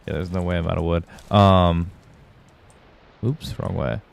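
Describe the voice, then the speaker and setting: Deep-voiced casual male game streamer. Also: steady tone, a little slow, vocal fry. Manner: rambling, loose, swears freely, chats with viewers. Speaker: live streamer. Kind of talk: casual gaming livestream chat.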